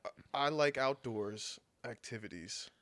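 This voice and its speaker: A man's voice: medium pitch, animated, a little slow, sharp tone, no echo. A young man in casual podcast chat, telling stories in a laid-back way with lots of fillers and the odd swear word. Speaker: podcast guest.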